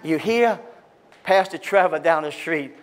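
A man, a pastor, preaching a sermon with impassioned, excitable delivery that swings between loud peaks and quiet scripture reading. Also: on the high side, a little slow.

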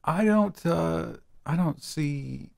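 A man's voice: on the high side, slow, creaky, darkish tone. A man co-hosting a tech news show, chatting casually, joking and laughing often.

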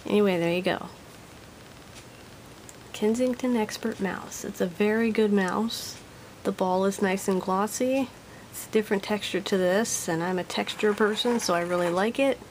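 A woman's voice: medium pitch, normal speed, darkish tone, slight background noise, poor audio. A woman casually reviewing a product at her home desk, chatty, giggly and self-deprecating.

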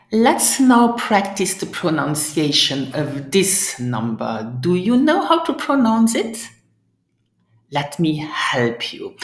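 A woman's voice: deep voice, echoey room. A woman, teaching a language lesson and coaching the listener through pronunciation and repetition. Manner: patient, coaching, models pronunciation and invites repetition.

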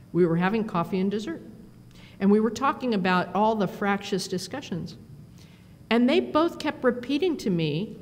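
A middle-aged woman giving a conference keynote, telling stories in an animated, self-deprecating way with quick asides. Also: fairly high pitch, a little hiss or hum. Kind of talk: storytelling speech. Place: performance hall. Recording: long hall reverb, faint ambience.

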